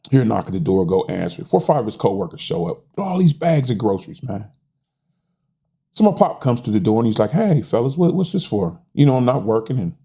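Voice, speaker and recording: A man's voice: fairly low pitch, creaky, warm tone, slightly rough. A middle-aged American man in a casual monologue, frustrated and folksy, often stumbling over repeated words and tossing in "man". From United States. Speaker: host.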